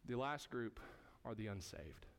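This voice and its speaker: A man's voice: fairly low pitch, animated, a little slow, creaky. A man preaching as pastor, emphatic and repetitive, speaking directly to his congregation. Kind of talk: sermon.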